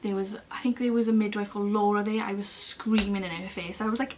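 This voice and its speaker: A young woman, chatting casually to camera as she tells a long personal story in an expressive, lively way. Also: mid-range voice, quick pace, few pauses, noisy background. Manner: chatty and expressive, acting out other people's lines. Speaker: beauty vlogger.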